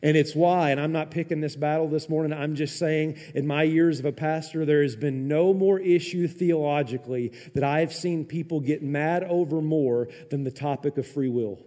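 A man preaching a sermon as a pastor, animated and sarcastic, acting out mock quotes in raised voices. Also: on the high side, moderate pace, hardly any pauses, in a large hall. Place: church.

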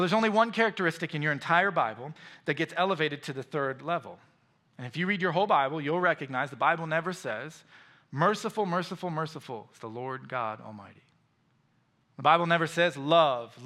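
Bright-voiced preaching man, conversational. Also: on the high side. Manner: conversational preaching with asides and emphatic repetition. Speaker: pastor. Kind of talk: sermon.

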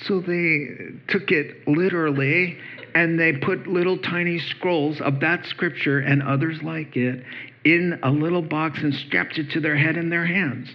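A man's voice: fairly high pitch, fairly even intonation, a little slow, lo-fi sound. A man preaching a conversational sermon as pastor, joking and acting out the people in his stories. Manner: conversational, joking, acts out quoted voices.

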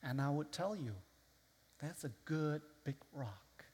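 Speaking slowly in a high, slightly mellow voice, a foreign-accented guest preacher from outside the US delivers a sermon to a live audience in a large hall. He quotes scripture and imitates his listeners' voices, and long reverb fills the recording.

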